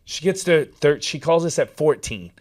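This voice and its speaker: A man telling a long story in a casual chat, animated and peppered with "dude" and "like.". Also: fairly high pitch, normal speed. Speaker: podcast guest.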